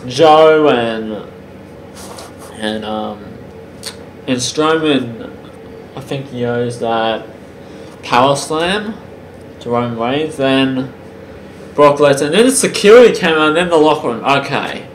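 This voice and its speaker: A man talks through an unscripted review at a mid pitch, stopping often to hunt for words and restarting his sentences. The sound is roomy. A faint hiss sits underneath. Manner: halting, many ums and restarts. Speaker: channel host reviewing wrestling.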